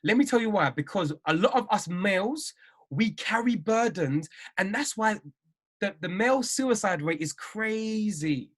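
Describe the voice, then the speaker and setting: A man's voice: high-pitched, lively intonation, unhurried. A man giving an emphatic, repetitive motivational live-stream talk as a trading mindset coach. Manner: emphatic, repeats phrases, preachy.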